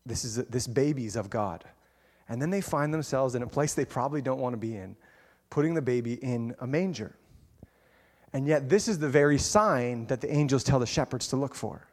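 A man preaching a sermon as pastor, telling the story in a playful, animated way with frequent laughter. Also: medium pitch, fairly quick. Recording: long hall reverb.

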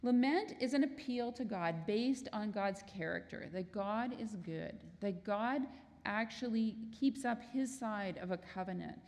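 A woman's voice: medium pitch, unhurried, darkish tone, big-room sound. A woman preaching a sermon in an earnest, explanatory way, sometimes acting out quoted prayers.

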